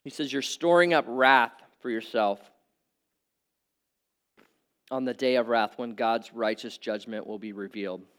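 A middle-aged man preaching a conversational sermon, swinging from emphatic peaks to quiet asides. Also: medium pitch, steady tone, moderate pace, smooth. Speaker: pastor. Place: church hall with audience.

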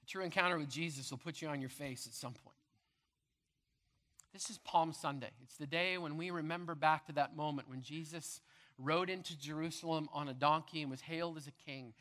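A man preaching a sermon as pastor with impassioned delivery, rising to loud proclamations and dropping to hushed tones. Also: fairly high pitch, a little fast. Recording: long reverb of a large hall.

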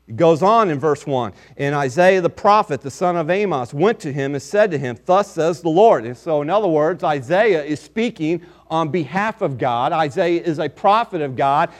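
High-voiced man preaching a sermon. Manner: emphatic, measured preaching with scripture readings.

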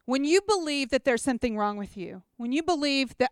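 Woman speaker, animated testimony-style teaching with props; high, crisp voice, dry close sound. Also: moderate pace, few pauses, no echo. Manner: chatty, animated storytelling with props; checks in with listeners often. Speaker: speaker at a church gathering.

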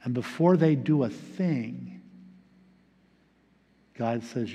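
A man preaching a reflective sermon as pastor, pausing often with fillers. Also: medium pitch, warm tone, breathy edge. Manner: reflective, halting with many fillers. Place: church sanctuary. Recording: long reverb of a large hall.

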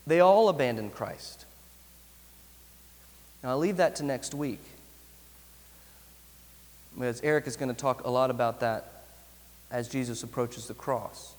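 A man preaching a sermon as pastor, earnest, slowing down to stress key phrases. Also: medium pitch, big-room sound.

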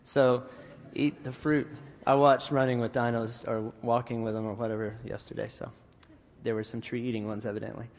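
A man preaching in a conversational, animated style with frequent restarts and asides. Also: medium pitch, normal speed, slight background noise. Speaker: preacher and middle school teacher. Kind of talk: sermon. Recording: long hall reverb.

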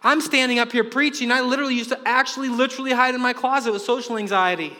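Male pastor, energetic preaching with quoted voices; bright, sharp tone. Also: extremely high pitch, quick pace. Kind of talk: sermon. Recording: long hall reverb.

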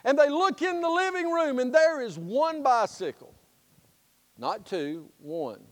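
A high-voiced male pastor preaches with folksy, animated storytelling. His voice rings out through a church sanctuary with a long, echoing reverb. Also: unhurried. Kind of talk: sermon with storytelling.

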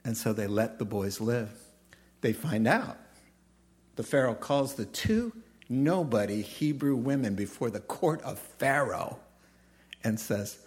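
A man preaching a sermon, telling stories with animated voices and laughter. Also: mid-range voice, measured pace. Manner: animated storytelling, acting out characters with laughs. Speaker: pastor.

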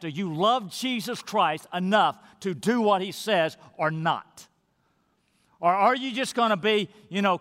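A man preaching a sermon as pastor, swinging between loud, emphatic peaks and hushed, quiet lines. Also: sits high. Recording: long reverb of a large hall.

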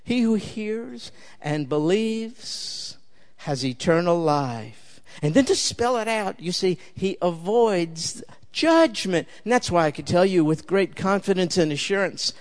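A man's voice: high-pitched, expressive, takes it slowly. An older man preaching a sermon, emphatic and conversational, often turning to the listeners with direct questions.

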